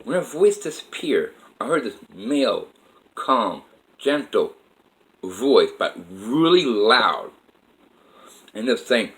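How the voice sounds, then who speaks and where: A man's voice: medium pitch, big pitch swings, slow, long pauses, a bit bright, rough recording. A man telling a personal story in a rambling, emphatic way with many fillers.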